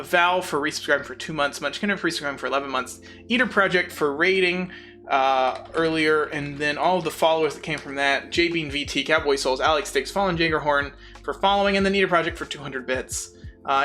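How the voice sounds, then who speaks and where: A man's voice: fairly high pitch, brisk, sharp tone, faint music behind. A man live-streaming, chatting casually in a rambling, goofy way full of internet slang.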